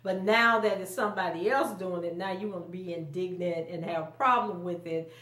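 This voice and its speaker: A woman's voice: on the low side, fairly even intonation, a little fast, fairly bright tone. A woman talks through a TV episode recap in loose, chatty fashion, breaking into laughs and bumping her voice up when she quotes the characters. She sits some way from the mic, and the room around her rings with echo. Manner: chatty, laughs often, acts out quotes in a raised voice. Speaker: TV recap vlogger. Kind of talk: casual recap talk. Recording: roomy echo, mic at a distance.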